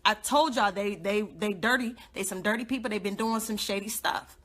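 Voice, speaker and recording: A young woman giving an impassioned, confrontational live rant, repeating her points and swinging between loud outbursts and low muttering. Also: moderate pace. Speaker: godmother and activist livestreamer.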